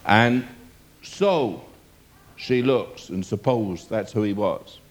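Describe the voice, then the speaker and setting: A man's voice: lowish voice, slow. A man preaching a sermon, reading a scripture passage aloud and asking his listeners rhetorical questions. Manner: animated delivery with rhetorical questions to the audience.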